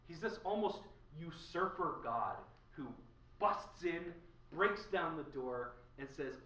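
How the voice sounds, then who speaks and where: A man giving an informal university lecture in an animated way, often acting out the quotes he talks about. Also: a little high, slow. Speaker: guest speaker. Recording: echoey room, distant mic, faint hiss.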